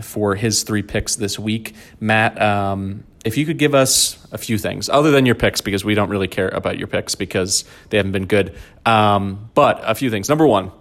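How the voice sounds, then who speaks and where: Low-pitched male podcast host, jokey and rambling, casual sports talk.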